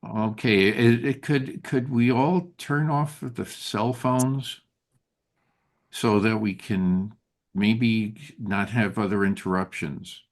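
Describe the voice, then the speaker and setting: A man leading a group Torah study who is slowly losing his voice, talking in a halting way with many fillers and restarts. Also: on the low side, fairly even intonation. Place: synagogue study room.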